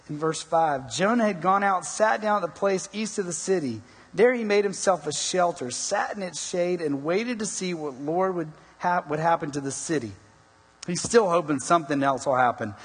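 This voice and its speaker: A middle-aged man preaching a sermon, telling a personal story and asking the congregation questions in an animated way. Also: on the high side, slightly rough. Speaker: pastor. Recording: long echoing reverb in a large hall.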